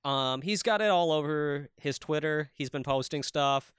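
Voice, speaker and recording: Excitable podcast co-host, man, slightly higher voice; bright and animated, sweary, casual. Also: smooth, no echo, studio quality. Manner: excitable, swearing, quick asides.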